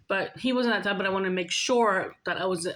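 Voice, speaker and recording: A woman's voice: mid-range voice, a little fast, fairly bright tone. A woman talking casually and earnestly to her viewers about faith and helping others, chatty and repeating herself. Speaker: spiritual vlogger. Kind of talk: casual spiritual talk to viewers.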